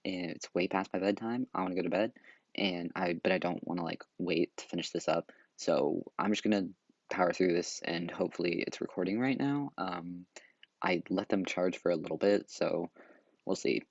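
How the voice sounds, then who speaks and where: A man's voice: sits low, moderate pace, vocal fry, dry recording, dull audio. A tired, slightly breathless young man explaining history late at night in a rambling, sarcastic way with lots of fillers, recorded through wireless earbuds. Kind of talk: casual study narration.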